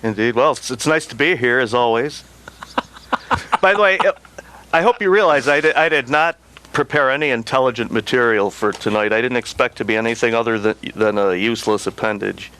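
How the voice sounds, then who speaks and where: A man's voice: medium pitch, fairly quick, bright, forceful tone. A man, the show's co-host, chatting casually in an offhand, self-deprecating way. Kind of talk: casual chat.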